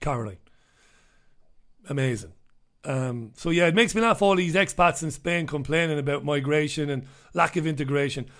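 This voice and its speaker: A middle-aged man with a slightly high voice hosts a casual radio show. He chats bluntly, reads out listener messages and tosses off quick asides. His tone stays conversational and unscripted. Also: fairly bright tone.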